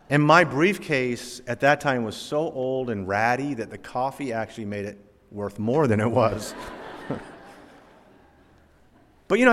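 A man's voice: medium pitch, a little hiss or hum. Man preaching in a reverberant hall. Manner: animated, self-deprecating storyteller. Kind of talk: sermon with personal storytelling.

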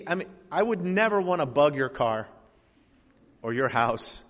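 A man preaching a sermon as pastor, emphatic, with sudden drops and surges in loudness. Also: fairly high pitch, animated, measured pace, long reverb tail.

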